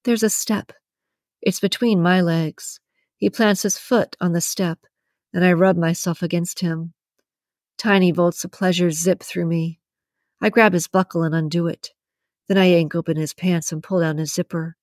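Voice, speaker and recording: A woman reading a first-person romance novel aloud in a breathy, intimate narration. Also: fairly low pitch, fairly even intonation, moderate pace, a little mellow, dry recording, studio quality. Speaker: audiobook narrator.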